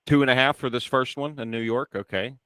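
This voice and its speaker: A man's voice: mid-range voice, fairly even intonation, a little fast, pushed and bright, clean tone, dry recording. A man hosting a wrestling podcast in casual chat, telling stories with a teasing manner. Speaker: podcast host.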